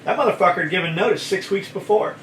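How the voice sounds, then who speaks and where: A man's voice: high-pitched, fast talker, fairly bright tone, a little hiss or hum. A man who owns a gear company, telling a story in casual chat, blunt and full of swearing. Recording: echoey room, mic at a distance, faint kitchen clatter.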